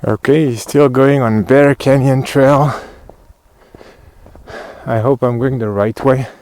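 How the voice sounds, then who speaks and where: A man's voice: medium pitch, steady tone, slow, a little mellow, no room sound, low-quality recording. French man narrating a hike on foot. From France. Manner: chatty, muttering asides while walking. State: slightly out of breath. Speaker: hiking vlogger. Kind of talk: casual walking commentary. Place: outdoor hiking trail in cold weather.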